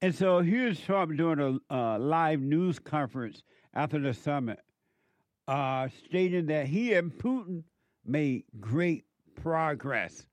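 A man giving a preachy political commentary monologue, slow and emphatic, exhorting his listeners. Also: a little high, expressive, no echo.

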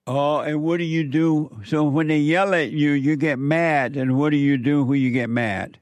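A man hosting a call-in show, giving advice to a caller in a slow, emphatic way and repeating his points. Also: on the high side, steady tone, no room sound.

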